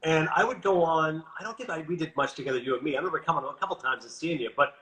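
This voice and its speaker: A Canadian man telling stories in a casual interview, animated and quick, acting out what others said. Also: on the high side, roomy sound, poor audio. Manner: animated, quick, quotes others in lively asides. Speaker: guest broadcaster.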